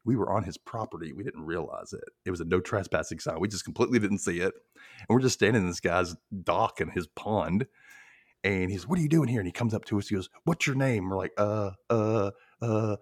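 A man's voice: sits low, fast talker, slightly rough, no echo, studio quality. A man hosting a podcast, chatting casually as he recaps a TV episode and acts out characters' lines with lots of laughs. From Memphis. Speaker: podcast host.

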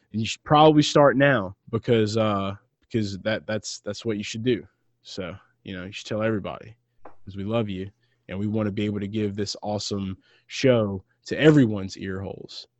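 A man co-hosting a casual podcast, talking in an excitable, rambling way and swearing freely. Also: lowish voice, normal speed, no room sound, muffled recording. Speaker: podcast co-host.

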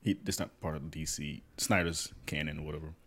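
A man in casual podcast chat about films, blunt and animated, often laughing loudly. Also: very deep voice, fast talker, breathy edge.

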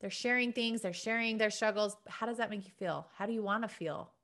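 A woman's voice: medium pitch, fairly quick, fairly bright tone. A woman hosting a podcast, affirming her guest with effusive, emotional enthusiasm in casual interview chat. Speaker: podcast host.

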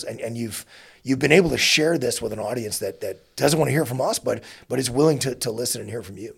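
A middle-aged man hosting an interview podcast, talking in a relaxed, halting way with many restarts. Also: mid-range voice, gravelly, husky. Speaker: podcast host. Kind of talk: conversational interview.

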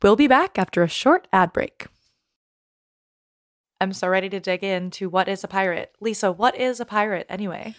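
A woman's voice: medium pitch, normal speed. A woman co-hosting a podcast, chatty and playful, often laughing. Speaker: podcast co-host. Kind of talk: casual chat.

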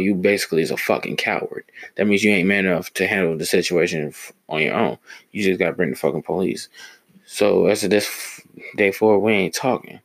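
Deep gravelly young man ranting. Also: normal speed, no echo. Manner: blunt, profane, heated storytelling. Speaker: podcast host. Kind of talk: casual solo podcast storytelling.

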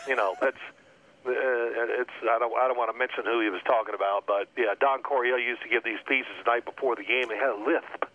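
A man in his sixties telling stories in a casual, animated way and acting out quotes in other voices. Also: medium pitch, fast talker, hardly any pauses, a little hiss or hum. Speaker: guest, former pro quarterback. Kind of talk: casual storytelling. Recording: phone-like line.

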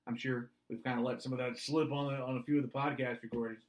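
A middle-aged single dad who co-hosts a podcast answers questions with deadpan comic chat, slipping into song lyrics and at times swelling to shouts. He talks quickly in a mid-range voice.

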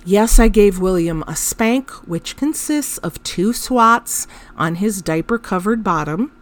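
A woman's voice: mid-range voice, slow pace. A woman in her thirties hosting a podcast, telling a story about her son in a wry, self-mocking way. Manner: wry, self-mocking, animated when exasperated. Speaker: podcast host. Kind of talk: storytelling monologue.

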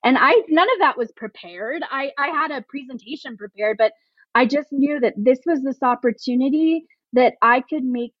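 A woman's voice: high voice, moderate pace, no room sound. Earnest woman guest, dull dry sound. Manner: earnest, emotional, rambling with many restarts. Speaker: podcast guest, plus-size pregnancy advocate. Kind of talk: conversational interview.

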